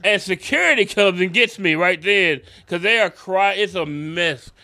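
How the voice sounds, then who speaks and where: At a moderate pace and with no echo on the recording, this middle-aged man speaks in a high voice. He's a stand-up comedian spinning a wild tale in casual conversation. He's animated, swears freely, and laughs through the story.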